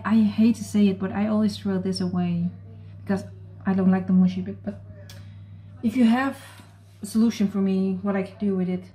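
With a warm, medium-pitched voice and slight background noise, a Dutch woman runs a casual cooking vlog. She reads recipe steps aloud, chats with viewers and frequently apologizes, her Dutch accent mixed with American-leaning English.

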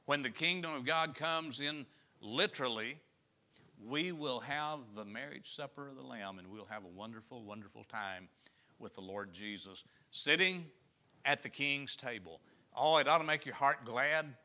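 A man's voice: mid-range voice, normal speed, bright, forceful tone. A man pastor preaching a sermon, reading scripture aloud and explaining it with folksy asides. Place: church sanctuary.

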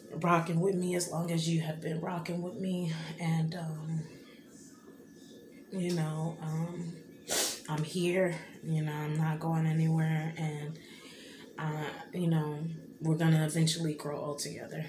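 A woman's voice: low-pitched, flat delivery, measured pace. A woman in her thirties talking casually and tearfully to her viewers, rambling with many fillers. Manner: rambling, many fillers and "you know what I mean". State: tearful, emotional. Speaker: vlogger. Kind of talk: casual heartfelt vlog talk. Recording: echoey room with background noise.

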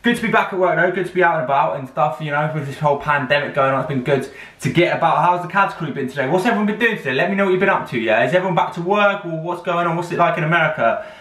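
A man's voice: on the high side, lively intonation, very fast, hardly any pauses, a bit bright. A young man hosting a reaction video, talking in a rambling, slangy, upbeat way. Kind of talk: casual reaction vlog chat. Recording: roomy, distant mic.

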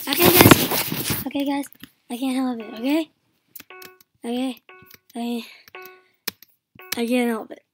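Young girl gamer, high voice, excitable and rambly, kinda slow, noisy mic. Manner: excitable, pleading and gasping, rambles. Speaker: gameplay commentator. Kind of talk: casual gameplay commentary. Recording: noisy home mic recording.

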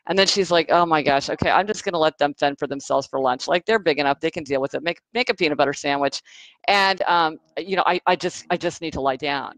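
A woman author answering questions in a casual interview over a video call, telling stories in a chatty, animated way with lots of fillers. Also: sits low, fast talker, dry recording, poor audio. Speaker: author guest.

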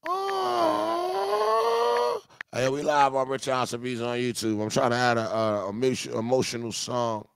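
A man's voice: medium pitch, steady tone, brisk, hardly any pauses, a little hiss or hum. A man hosting a live-streamed music review, talking in crude, mocking, joking banter. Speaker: host.

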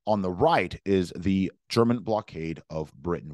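Young guy teaching history, low voice, super dry sound, keeps repeating stuff for emphasis. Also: measured pace, darkish tone, no echo. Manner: emphatic, repeats words, voices opposing sides in first person. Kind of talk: classroom history lecture.

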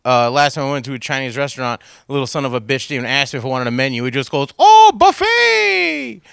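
A man performing stand-up into a handheld microphone, rambling and poking fun at himself between bits. His voice is bright and crisp, and the sound stays dry and close. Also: medium pitch, little pitch movement, very fast, no room sound. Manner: rambling, self-deprecating asides to the crowd. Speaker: stand-up comedian. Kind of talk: stand-up comedy routine. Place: comedy stage for a cable access show.

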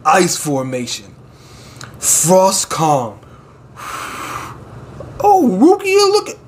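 A man hosting a manga chapter reaction, reading panels aloud with excitable, profane commentary and frequent laughter. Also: sits high, a little hiss or hum.

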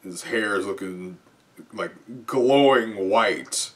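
Dude reacting to a comic chapter live, slow talker, laughs a lot, lots of ums. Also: male voice, on the low side. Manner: chuckling often, halting with fillers. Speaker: comic reviewer.

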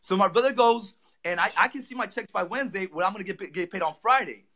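A young man telling a personal story as a guest, excitedly acting out what people said. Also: high-pitched, fast. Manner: excited, acts out quoted lines. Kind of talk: animated storytelling.

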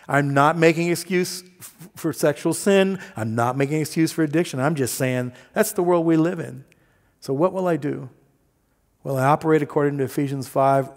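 A man preaching a sermon, telling a story with lively quoted voices and plain talk. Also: medium pitch, gravelly. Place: church sanctuary. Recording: long hall reverb.

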